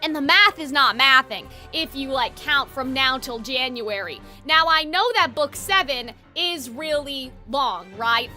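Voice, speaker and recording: A woman's voice: high-pitched, animated, unhurried, hardly any pauses, sharp tone, faint music behind. A young woman streaming a game live, chatting casually with her viewers, giggling and using plenty of fillers.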